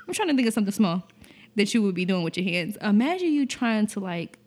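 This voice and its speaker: Lively laughing woman podcaster. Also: medium pitch, quick pace, a little hiss or hum. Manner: laughing often, acting out voices in her stories. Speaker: podcast co-host. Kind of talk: casual frank chat.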